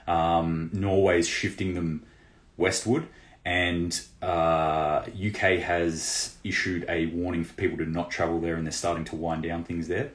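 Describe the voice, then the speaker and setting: Male host, casual news commentary; deep voice, chatty with restarts, roomy sound. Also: flat delivery, measured pace. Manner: loose and conversational, many fillers and restarts. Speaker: prepping channel host. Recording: roomy echo.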